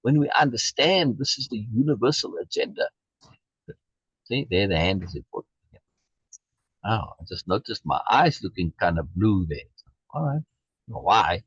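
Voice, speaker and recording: A man's voice: lowish voice, sing-song, moderate pace, long pauses, fairly bright tone, husky, no echo. A man leading a program, reading a text aloud and commenting on it emphatically, repeating key phrases, over a video call. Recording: dull lo-fi video call audio.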